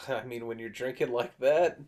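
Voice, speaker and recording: A man co-hosting a casual movie-review podcast, telling scenes in lively detail and swearing freely. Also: medium pitch, normal speed. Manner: animated storyteller, swears freely. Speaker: podcast co-host.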